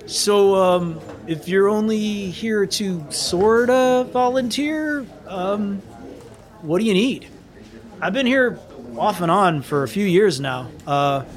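A man's voice: high voice, animated, takes it slowly. A man doing an eager young volunteer. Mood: friendly. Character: friendly young male student volunteer, eager.

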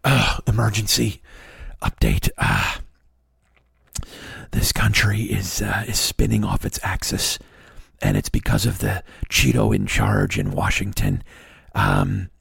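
A man doing a mocking impression of a somber male documentary maker, speaking slowly and gravely. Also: on the low side, sing-song, dry recording, clean studio sound, pitched below the performer's own voice, heavily acted. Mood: mock-solemn. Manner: slow, grave and hushed.

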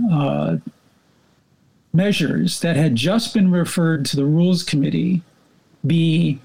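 A man with a slightly raised, gravelly voice walks through events as a guest reporter. He explains in a wry, halting way, full of fillers and restarts. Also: a little high, warm tone, low-quality recording. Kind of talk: casual political talk.

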